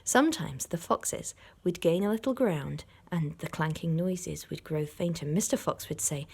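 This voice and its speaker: A woman, a primary school teacher, reading a storybook aloud to children in an expressive way, stopping to explain words. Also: sits low, moderate pace, vocal fry, hardly any pauses, slightly rough.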